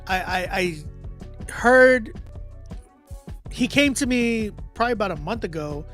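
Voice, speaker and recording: A man hosting a live music critique stream, talking in a casual, animated way, often laughing and repeating himself. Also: high voice, takes it slowly. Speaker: livestream host critiquing music.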